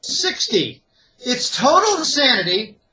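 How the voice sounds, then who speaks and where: A man's voice: very high voice, big pitch swings, takes it slowly, sharp tone, poor audio. A man from the Pittsburgh area, an interview guest, making emphatic warnings in a repetitive, opinionated way. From Greater Pittsburgh, USA. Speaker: interview guest, economic analyst.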